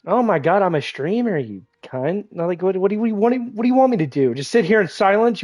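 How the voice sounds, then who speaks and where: A man streaming a game, talking casually in a profane, excitable, teasing way, with congested sinuses. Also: sits high, a little fast, few pauses, no echo. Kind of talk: casual gaming livestream commentary.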